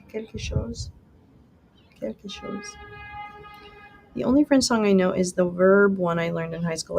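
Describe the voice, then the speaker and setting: A woman's voice: on the high side, very animated, takes it slowly, pauses often, darkish tone. A woman hosting a casual live stream, chatting with viewers, reading the chat aloud, laughing often and swearing casually with a self-mocking humor. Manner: chatty, giggly, reads chat aloud and jokes. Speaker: livestream host.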